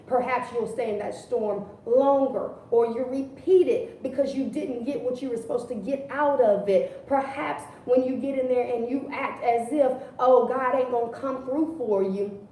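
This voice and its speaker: A woman's voice: on the high side, fairly even intonation, moderate pace, few pauses, mellow, slight background noise. A woman preaching a casual livestream sermon in a conversational, colloquial way, repeating her key phrases. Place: indoors, livestream. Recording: echoey room, distant mic.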